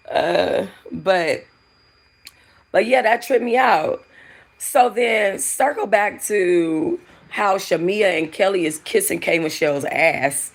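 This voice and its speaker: A woman in a mid-range voice dishing reality TV gossip straight to her viewers. She is animated and profane, swinging from loud incredulity to low, muttered asides. Her delivery is casual and conversational throughout. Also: takes it slowly, creaky, long pauses. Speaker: host.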